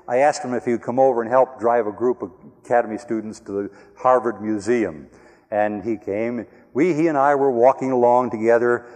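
An older male pastor tells a story in a plain, earnest way, dropping to a softer voice on reflective lines. His voice sits in a middle pitch and rings with a long reverb, as in a big hall. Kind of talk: storytelling sermon.

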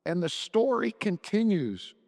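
A man's voice: high-pitched, sing-song, measured pace, creaky, darkish tone, big-room sound. A man retelling and reading from a short story in a conversational, thoughtful way. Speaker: story discussant.

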